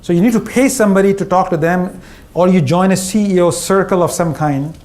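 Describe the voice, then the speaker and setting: A man's voice: sits high, a little fast, darkish tone. A middle-aged man with an Indian English accent gives a humorous conference talk, wry and punchy, often acting out the voices of the people he quotes. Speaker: speaker, former CEO.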